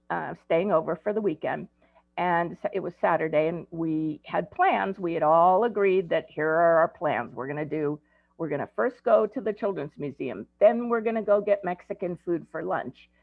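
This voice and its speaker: A woman in her sixties, an ADHD coach, tells stories in a relaxed, conversational way and often stops for an um. Her voice has a gravelly, creaky edge. The audio is dry and tinny, as if heard over a video call. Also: on the low side, no room sound. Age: 60s. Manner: conversational, storytelling with frequent ums. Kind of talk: presentation to parents.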